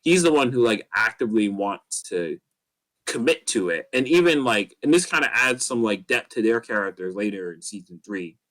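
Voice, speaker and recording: A man's voice: lowish voice, lively intonation, normal speed, fairly bright tone. A man co-hosting a casual podcast, rambling through his thoughts with lots of fillers. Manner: rambling, many fillers, acts out character lines. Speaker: podcast co-host. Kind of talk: casual chat.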